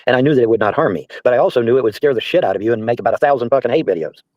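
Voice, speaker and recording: A man's voice: medium pitch, very fast, no room sound. A man livestreaming, reading comments aloud and answering them with profane, mocking jabs. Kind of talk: casual livestream rant. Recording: dull, dry lo-fi stream audio.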